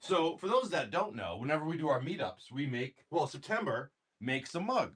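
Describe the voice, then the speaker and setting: A young man rattles off card names in quick lists and jokes with his chat as he opens packs on a live stream. His pitch swings widely, jumping up and down as he talks. The delivery is loose and rambling. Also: big pitch swings, slightly rough. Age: young adult.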